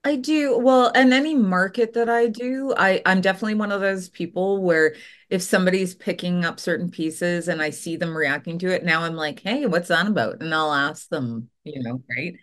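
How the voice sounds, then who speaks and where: A woman's voice: fairly low pitch, normal speed. A woman from Canada, a potter, telling stories in a casual interview and acting out the voices of people she quotes. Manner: animated storyteller, acts out quoted voices.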